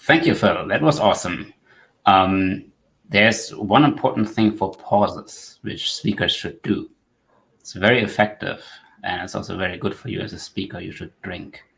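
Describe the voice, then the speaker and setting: A man's voice: deep voice, normal speed, vocal fry, fairly bright tone, low-quality recording. A man hosting an online tech event, thanking a speaker and chatting loosely with lots of "like" fillers. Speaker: event host and moderator. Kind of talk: casual moderation between talks.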